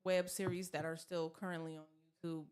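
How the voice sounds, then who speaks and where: A woman's voice: deep voice, flat delivery, fairly quick, darkish tone, smooth. A woman in her thirties with a Southern US accent, chatting casually as a podcast guest, rambling with many fillers and restarts. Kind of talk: casual chat.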